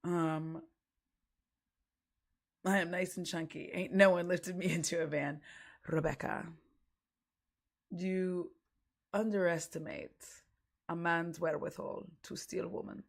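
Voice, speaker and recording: A woman's voice: lowish voice, steady tone, unhurried, creaky, pauses often. A woman streamer in casual livestream chat, rambling and giggly, with lots of fillers.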